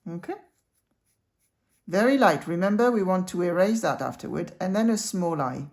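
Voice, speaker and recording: A woman's voice: on the low side, expressive, moderate pace, creaky, darkish tone. Woman teaching cartoon drawing. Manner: chatty, talks the viewer through each stroke. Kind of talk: casual drawing tutorial.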